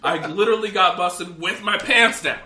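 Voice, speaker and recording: A man's voice: sits high, moderate pace, a crowd in the background. A young man telling an embarrassing story on a casual podcast, laughing and swearing as he goes. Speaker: podcast guest. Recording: echoey room.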